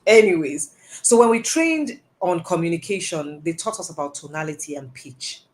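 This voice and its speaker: A woman giving a casual online lesson on communication, chatty and animated, stressing words and breaking into asides. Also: normal speed. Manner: animated, lots of stressed words and rising pitch; chatty with self-asides and laughs. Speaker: communication coach.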